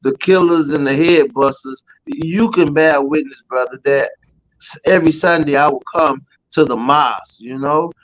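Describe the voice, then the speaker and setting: Interview guest, man with a New Orleans accent, fairly high voice, storytelling testimony that acts out quoted voices. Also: moderate pace, low-quality recording. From Louisiana. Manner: storytelling, acting out quoted voices, frequent "man" and "you know". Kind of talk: emotional personal testimony.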